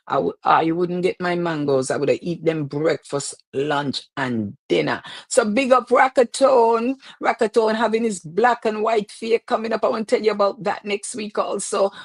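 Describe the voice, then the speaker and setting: Woman host, low voice, dry close sound, chatty and preachy livestream monologue. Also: dry recording. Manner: chatty and preachy, greets viewers. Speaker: host of a live-streamed talk show. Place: lives in New York.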